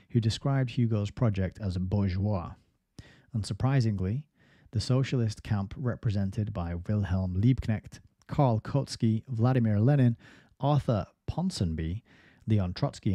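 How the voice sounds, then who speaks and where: Man, steady book reading, very dark tone, dry close sound. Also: fairly low pitch, no room sound. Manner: steady reading with brief casual asides. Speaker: book reviewer reading aloud. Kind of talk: reading a book aloud with asides.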